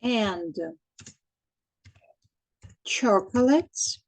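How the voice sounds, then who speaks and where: Slow-paced woman teacher. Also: fairly high pitch, expressive, poor audio. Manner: slow and repetitive, dictating answers, translating into Ukrainian. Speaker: English teacher. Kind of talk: recorded English lesson for children.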